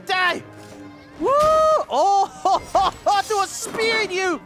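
A man giving excitable let's play commentary, with loud outbursts and giggly laughter. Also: very high-pitched, slow pace, music in the background. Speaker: gaming YouTuber.

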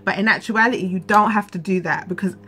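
A woman's voice: mid-range voice, fast, a bit bright, a little hiss or hum. A woman venting in a candid personal vlog, rambling and frustrated, with frequent restarts. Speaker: vlogger.

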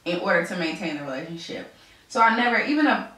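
A woman's voice: on the low side, animated, fast talker, fairly bright tone, distant mic. A young woman chats as an interview guest, easygoing and full of fillers and restarts. She sits well back from the mic, and her voice rings around a very echoey room. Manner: chatty, many fillers and restarts. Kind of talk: casual conversational interview.

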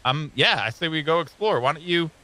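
A young man hosting a let's play, chatting excitedly about the game, shouting and joking. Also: a little high, a little fast. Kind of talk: excited gameplay chat.

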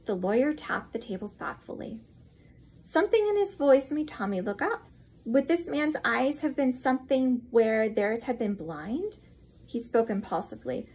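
A woman reading a classic mystery novel aloud at a steady, expressive pace. Her voice is fairly high with a husky, slightly breathy texture. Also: measured pace. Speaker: reader. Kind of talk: audiobook narration.

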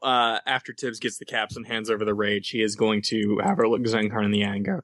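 A man playing in a tabletop game over voice chat, pausing often with ums and uhs. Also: on the low side, fairly bright tone, no room sound. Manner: hesitant, many ums and uhs. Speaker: player.

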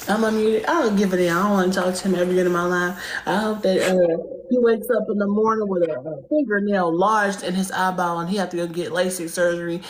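A woman's voice: fairly low pitch, steady tone, fast, roomy sound, slight background noise. Woman ranting profanely on a live stream. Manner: profane, insulting, dramatic rant. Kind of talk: comedic ranting livestream.

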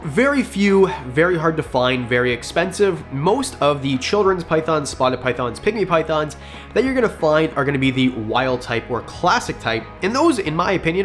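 A man hosting a pet-snake vlog, explaining care tips in a chatty, enthusiastic way with jokey asides. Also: on the high side. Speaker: reptile channel host. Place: home with pets around.

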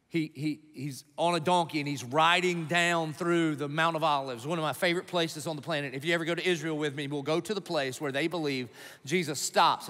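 A man's voice: a little high, fairly bright tone. A male pastor preaching an emphatic sermon, driving his points home with punchy rhetorical questions to the congregation. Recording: long reverb of a large hall.

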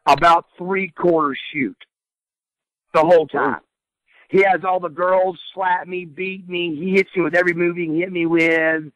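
A middle-aged man, once a wrestler, tells stories from his career in a candid, animated way. His voice sits a little high and sounds close and dry. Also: moderate pace, no room sound, low-quality recording. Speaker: former pro wrestler. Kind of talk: shoot interview storytelling.

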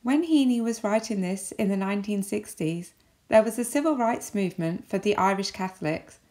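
A woman with an English accent, giving a recorded lesson as a teacher with clear, measured explanations. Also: mid-range voice, a little mellow.

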